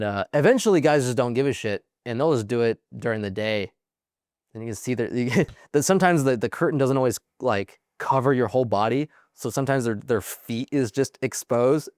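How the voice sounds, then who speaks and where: A man's voice: medium pitch, clear, resonant tone, no room sound, studio quality. Profane young man telling stories. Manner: profane, animated storytelling with laughs. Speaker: podcast guest, Marine veteran. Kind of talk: casual storytelling.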